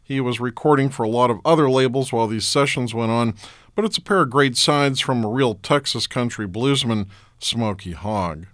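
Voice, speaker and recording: Male radio host, relaxed informative delivery, dry close studio sound. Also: mid-range voice, fairly quick, dry recording. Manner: relaxed, informative back-announcing. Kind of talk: radio show announcing.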